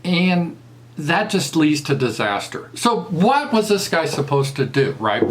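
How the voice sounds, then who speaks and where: A man's voice: fairly high pitch, fairly bright tone. A man with a Southern US accent doing a casual commentary monologue, mocking and crude, laughing at his own jokes. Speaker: political commentator.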